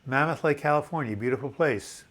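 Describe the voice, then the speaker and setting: This is a brisk, fairly bright mid-range male voice belonging to a man of seventy hosting an informal live video chat. He voices viewer comments and replies with chatty excitement, regularly restarting words.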